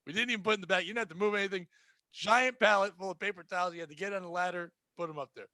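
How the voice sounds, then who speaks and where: A man's voice: high-pitched, racing, pushed and bright, dry recording. A man hosting a comedy podcast who tells stories casually, swears freely and acts out the people he quotes.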